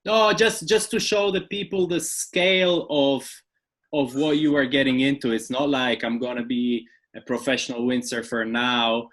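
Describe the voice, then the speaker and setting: Halting male podcast host, native Polish. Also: medium pitch, fairly even intonation, fairly bright tone. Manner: halting questions with many restarts. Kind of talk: casual interview talk.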